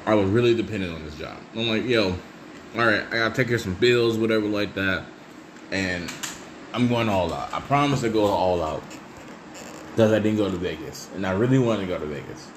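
Slight background noise sits under this solo podcast host's fairly low voice as he talks a little fast. It's a casual storytelling monologue: he curses freely, laughs a lot, and turns chatty and animated with each tale.

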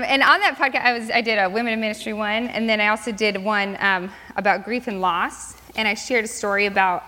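Woman, 30s, bright and fairly high-pitched, telling a personal story at church, casual with plenty of "um"s, long echo in a hall. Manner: chatty, many fillers, lively retelling. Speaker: church speaker. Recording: long reverb in a large hall.

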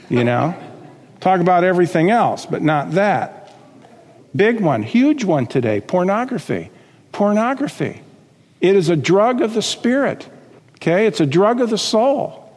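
A male pastor preaching a sermon, reading scripture and acting out quotes with lively emphasis. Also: sits high, unhurried, in a large hall.

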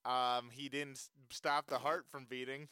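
A man's voice: medium pitch, flat delivery, a little slow, bright, forceful tone, clear, resonant tone, no room sound. A man chatting casually about a movie, loose and full of fillers, often laughing. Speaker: movie reviewer. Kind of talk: casual chat.

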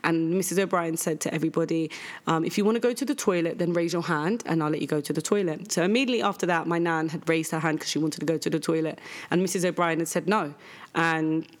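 Candid woman telling a family story. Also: fast talker. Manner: candid and animated, pitch jumps when quoting others. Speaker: podcast host. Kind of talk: casual storytelling monologue.

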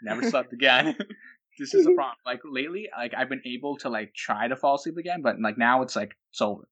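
A man's voice: medium pitch, very animated, quick pace, sharp tone. Rambling, laughing podcast co-host man. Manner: rambling storyteller, laughs often. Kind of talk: casual chat.

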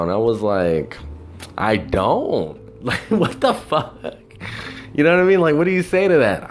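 A man's voice: mid-range voice, unhurried, a little hiss or hum. A man telling a profane, exasperated story about his job in a casual rant, acting out the people he quotes. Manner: animated, mimics people in quotes.

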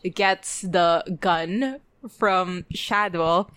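A woman's voice: fairly low pitch, drawn-out words, a bit bright, clean tone. A woman co-hosting a podcast, animatedly retelling a TV episode in casual chat, acting out quotes and laughing along the way. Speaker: podcast co-host.

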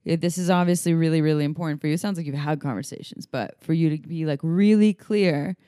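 A woman's voice: deep voice, fast talker, mellow, no echo, studio quality. A woman co-hosting a podcast, giving frank, conversational advice in a coaching tone. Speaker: podcast co-host. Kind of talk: casual chat giving sex advice.

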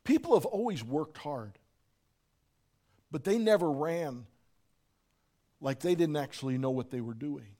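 A man preaching a sermon, dropping to a near hush and then rising to shouts. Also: a little high, animated, measured pace, long pauses. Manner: swings from soft hush to shouting. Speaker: pastor.

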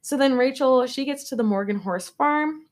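A woman's voice: high-pitched, moderate pace. Chatty young woman recapping a film. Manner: rambling, filler-heavy storytelling, many "like"s. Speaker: podcast co-host. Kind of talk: casual movie recap chat.

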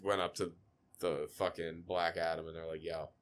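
A young man co-hosting a podcast, rambling in halting, casual phrasing. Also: low voice, flat delivery, slight background noise. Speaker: podcast co-host. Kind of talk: casual chat.

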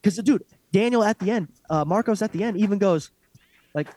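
Male podcast co-host, loud profane rants, slightly high voice. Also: brisk, no room sound. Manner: blunt, profane, animated ranting. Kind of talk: casual fight recap chat.

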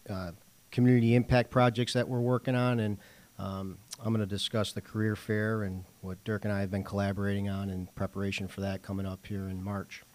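A young male student speaks on a radio show in a plain, even way. His voice is a bit low and flat. He outlines his plans simply. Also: brisk. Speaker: student guest. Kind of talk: radio interview answers.

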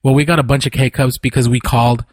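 A man's voice: medium pitch, fairly even intonation, quick pace, no echo. A man co-hosting a podcast, chatting casually and swearing, often agreeing with his friend. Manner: laid-back, swearing, frequent backchannel agreement. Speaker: podcast co-host. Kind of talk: casual chat.

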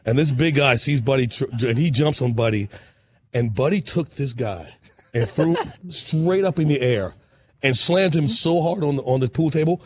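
A husky-voiced man with a drawl spins rowdy tales as a talk show guest. He laughs through his punchlines and jumps into the voices of the people in his stories. He sits at a middle pitch, with a slightly rough edge on every word. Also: normal speed, no room sound. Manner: lively storyteller, laughs through punchlines, acts out quotes. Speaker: musician guest. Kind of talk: animated storytelling on a talk show.

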